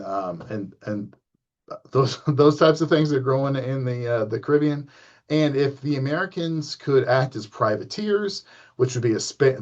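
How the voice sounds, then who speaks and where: Guy teaching a history class, chatty and loose, lots of ums and "right?", kinda muffled lo-fi sound. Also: mid-range voice. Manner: conversational, many ums and tag questions. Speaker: history lecturer. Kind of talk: recorded college lecture.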